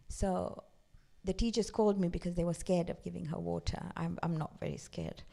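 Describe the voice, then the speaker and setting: A woman's voice: mid-range voice, creaky, a little mellow. A woman teaching a Quran class at a mosque. She talks conversationally with asides, recites Arabic verses and translates them. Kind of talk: religious class lecture. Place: mosque hall.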